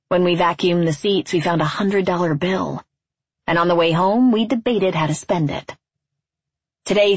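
A woman reading a literary story aloud as narrator, in a quiet, measured, wistful way, on a dull, dry recording. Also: on the low side, breathy edge, no echo.

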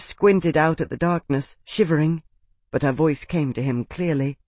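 A man reading a fantasy audiobook in a steady, vivid storytelling voice. His pitch sits somewhat high for a man, and the recording is dry and close with no room sound. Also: moderate pace, no room sound. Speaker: audiobook narrator. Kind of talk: scripted narration.

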